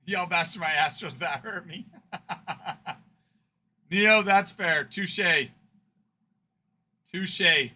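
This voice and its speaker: Male stream host, chatty banterer, brilliant bright tone, a touch high. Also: drawn-out words, long pauses. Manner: chatty, teasing banter, fond of the word 'frickin''. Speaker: card-breaking livestream host. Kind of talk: casual livestream chat with viewers.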